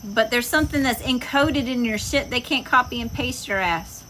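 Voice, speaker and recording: A woman's voice: a little high, normal speed, background noise. Blunt, cussing woman reading tarot. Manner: blunt, profane, emphatic. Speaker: tarot reader. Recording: insects and crickets chirping behind.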